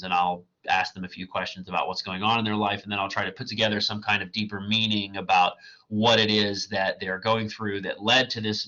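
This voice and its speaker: Male lecturer, lowish bright voice, musing with fillers, dull lo-fi recording. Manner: thoughtful, with frequent fillers and restarts.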